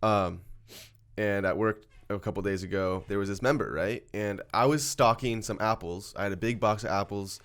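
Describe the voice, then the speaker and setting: A young man talking as a podcast guest, telling a story in a casual, animated way and laughing often. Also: on the low side, moderate pace.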